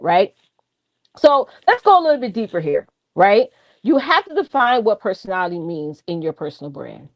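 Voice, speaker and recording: A woman co-hosting a live stream, coaching viewers in a chatty, animated way, laughing often and talking straight to the chat. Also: medium pitch. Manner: drifts off track, repeats key points for emphasis. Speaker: live-stream co-host on branding and AI.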